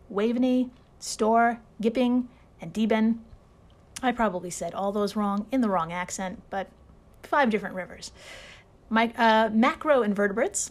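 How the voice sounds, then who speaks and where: A woman hosts a casual podcast with a slightly high voice. She narrates with sarcastic asides, frequent laughs and the odd swear word. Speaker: podcast host.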